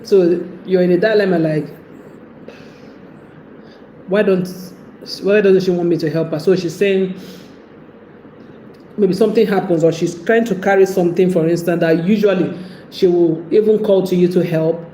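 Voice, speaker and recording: A woman's voice: on the low side, steady tone, normal speed, pauses often, dark tone. A woman giving casual relationship advice, chatty and laughing often as she acts out what a partner might say. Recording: echoey room with faint background noise.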